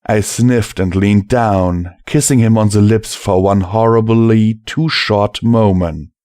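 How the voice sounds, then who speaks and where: A man narrating a fan fiction audiobook in the first person, emotional and measured. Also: on the low side, fairly even intonation, darkish tone, no room sound, studio quality. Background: faint music.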